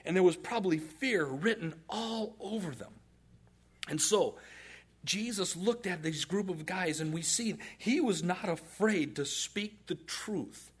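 With a high, husky voice and an unhurried pace, an American pastor in his forties delivers a sermon built on stories. He tells them animatedly and laughs through his anecdotes.

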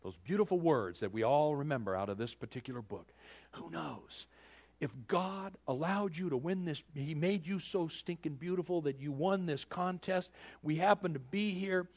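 A male preacher giving a sermon with animated storytelling, speaking straight to his listeners. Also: a little high, moderate pace.

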